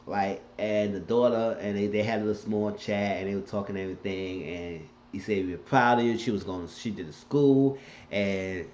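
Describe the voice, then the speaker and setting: A man's voice: lowish voice, normal speed, dark tone. A man casually recapping a TV episode, rambling and colloquial as he retells the scenes. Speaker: TV show recapper. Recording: dull lo-fi recording.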